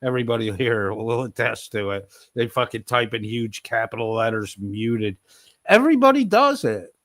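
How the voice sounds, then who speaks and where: A man's voice: mid-range voice, very animated, normal speed, a bit bright, no echo. A man giving mocking, sarcastic commentary over a clip. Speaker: commentary streamer. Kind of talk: reaction commentary.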